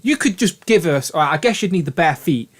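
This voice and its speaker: A man's voice: a little high, lively intonation, brisk. A British man hosting a casual live stream, rambling with enthusiasm and reading out viewers' names. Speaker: livestream host.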